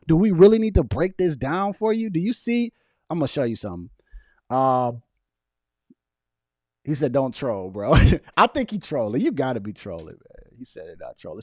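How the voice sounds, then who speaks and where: A young man speaking casually on a livestream, arguing back at viewers' chat comments in an animated, argumentative way. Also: medium pitch, moderate pace, pauses often, dry recording, studio quality. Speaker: political vlogger reading live chat.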